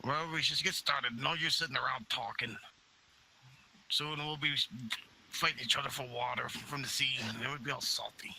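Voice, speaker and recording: Male player; bright, even-pitched, joking as would-be ship captain. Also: normal speed, creaky, slight background noise, low-quality recording. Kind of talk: casual tabletop play.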